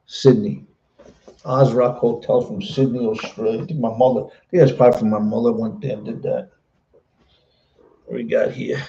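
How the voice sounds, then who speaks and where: A man's voice: mid-range voice, dark tone, dull audio. A middle-aged man chatting casually on a live stream, rambling and repeating himself as he talks.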